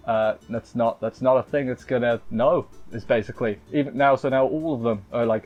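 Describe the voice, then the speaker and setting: A man's voice: mid-range voice, fairly even intonation, moderate pace, darkish tone, muffled recording, soft background music. A man casually reviewing an anime episode, rambling and restarting with wry asides.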